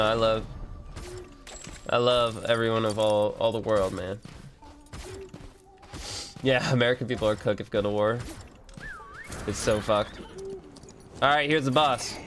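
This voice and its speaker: A man's voice: on the low side, unhurried, pauses often, fairly bright tone, slight background noise. A man streaming a video game, chatting casually, cursing now and then, and reading the game's prompts aloud. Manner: laid-back, swears, reads game prompts aloud. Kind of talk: casual gameplay commentary.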